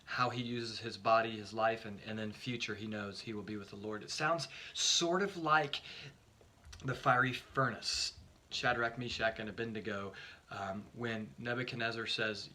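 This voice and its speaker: A man's voice: on the low side, fairly even intonation, normal speed, bright, forceful tone, slight background noise. A male pastor giving a short devotional on a Bible passage, earnest and emphatic, often repeating words as he starts a phrase.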